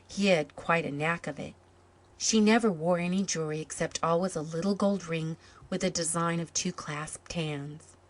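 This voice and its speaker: A woman reading a story aloud in calm, measured scripted narration. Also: lowish voice. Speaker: story reader.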